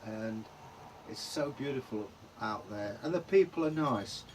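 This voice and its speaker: A man's voice: medium pitch, animated, unhurried, a little mellow, slight background noise. An English man co-hosting a vlog in casual chat, rambling and trailing off mid-sentence. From England. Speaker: vlog co-host.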